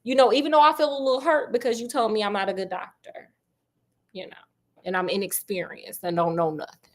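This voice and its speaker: A woman voicing a loyal male doctor, a friend who is a little hurt, talking fast in casual slang. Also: medium pitch, steady tone, natural voice.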